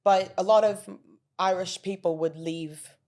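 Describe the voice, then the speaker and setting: A woman's voice: lowish voice, fairly even intonation, unhurried, a little mellow. A woman being interviewed who talks casually and earnestly, explaining things at length and restarting her sentences. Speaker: interview guest. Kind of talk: casual conversational storytelling.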